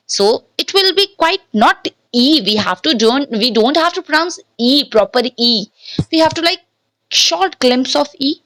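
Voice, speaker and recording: A woman's voice: high voice, fairly bright tone, no echo, poor audio. A woman teaching a language lesson from slides, speaking patiently, repeating words and checking in with "okay?", and switching between English and Hindi.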